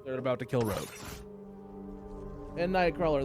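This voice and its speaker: A man chatting casually on a podcast, excited and rambling, with lots of "like". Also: medium pitch, fast talker, pauses often, over music. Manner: excited and rambling, heavy use of "like".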